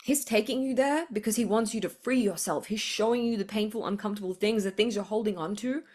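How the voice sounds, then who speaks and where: A woman's voice: mid-range voice, fast talker, a little mellow, breathy edge. A woman hosting a spiritual podcast, talking passionately in a monologue, swearing freely and laughing often. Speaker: podcast host.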